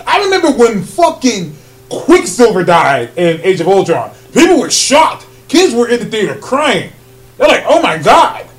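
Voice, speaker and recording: High-voiced excitable man chatting. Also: normal speed, faint music behind. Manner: animated, laughs often, many ums; rises loud and high when excited. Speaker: podcast co-host. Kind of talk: casual chat.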